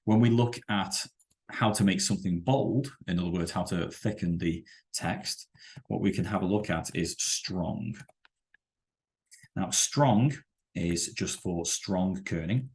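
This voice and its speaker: A man teaching a web development lesson over a screen-share, explaining with halting, self-correcting sentences and many fillers. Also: low voice, a little mellow. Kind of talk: screen-share coding tutorial.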